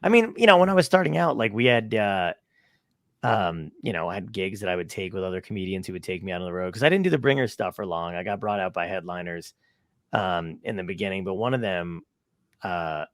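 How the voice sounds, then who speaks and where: A man and podcast guest telling casual stories, swearing and animated as he tells them. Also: sits low, fairly quick, no room sound, clean studio sound. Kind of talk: casual storytelling.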